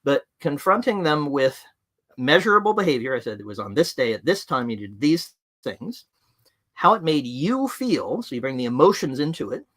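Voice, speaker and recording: Bright-voiced man giving a frank talk. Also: a little high, big pitch swings, moderate pace. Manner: frank, direct. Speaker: livestream presenter on management. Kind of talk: live webinar talk.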